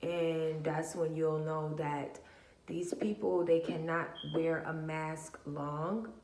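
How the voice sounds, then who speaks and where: A woman holds forth in a casual vlog, blunt and heavy on profanity, acting out her stories as she goes. Her voice sits a little low and the room around her sounds roomy and echoing. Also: slow. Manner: blunt, profane, animated storytelling. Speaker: spiritual vlogger. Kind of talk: casual monologue to camera.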